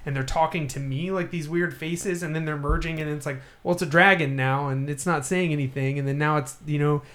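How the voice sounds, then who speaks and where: A man with a slightly higher voice shares a winding personal story in casual podcast talk. He rambles, restarts and laughs easily, keeping the tone loose and animated. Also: a little fast.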